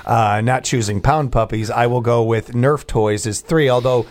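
A man's voice: mid-range voice, moderate pace. A man hosting a morning radio show, chatting casually and joking with his co-host, often laughing at his own jokes. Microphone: studio microphone.

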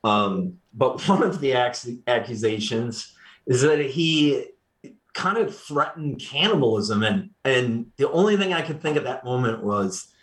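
Radio co-host guy, mid-pitched voice, dry jokey delivery, laughs at his own bits. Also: expressive, a little slow, roomy sound, low-quality recording. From Wisconsin. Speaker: co-executive producer and show regular. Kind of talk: casual radio chat.

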